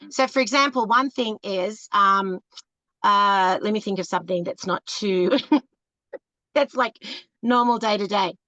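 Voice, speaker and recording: A woman's voice: medium pitch, a little slow, dry recording, muffled recording. An Australian woman in her fifties, a relationship coach giving candid, emphatic advice and acting out other people's voices as she talks. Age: 50s. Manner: emphatic, animated, acts out quoted voices. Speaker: relationship coach, podcast guest.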